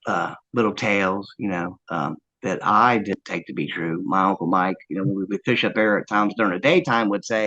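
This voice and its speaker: A man earnestly recounting a first-hand encounter, halting often with fillers as he tells it. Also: sits low, sharp tone, dull audio. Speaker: eyewitness interviewee.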